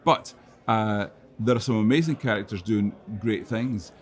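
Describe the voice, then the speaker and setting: A middle-aged Scottish man speaks in a fairly low voice, halting and repeating himself as he gathers his thoughts. His humor is dry and understated. He is interviewed on a busy conference floor. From Scotland. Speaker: interview guest, chief growth officer. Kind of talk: casual convention interview.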